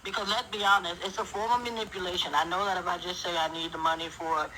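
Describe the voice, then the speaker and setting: A woman's voice: on the low side, steady tone, fast talker, sharp tone, a little hiss or hum. A woman giving blunt, profane and scornful commentary on a live stream through a phone mic. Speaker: livestream commentator.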